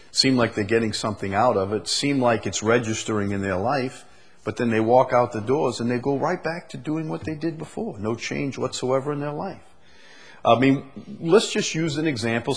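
A man preaching an expository sermon, moving from measured explanation to loud, emphatic passages. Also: mid-range voice, breathy edge.

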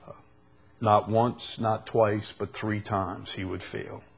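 A male preacher with a New Orleans accent, reading scripture and explaining it verse by verse, deliberate and rising to emphatic bursts. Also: lowish voice, flat delivery, vocal fry, husky.

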